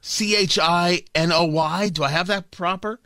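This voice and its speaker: A middle-aged man hosting a talk radio show, delivering a sarcastic, combative monologue that swings from low mutters to loud mocking outbursts into a studio mic. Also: steady tone, normal speed, dry recording. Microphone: studio broadcast mic.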